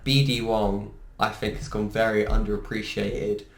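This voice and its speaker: A man's voice: lowish voice, little pitch movement, moderate pace, a little hiss or hum. A man co-hosting a podcast in casual, enthusiastic chat, laughing often. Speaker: podcast co-host. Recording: echoey room.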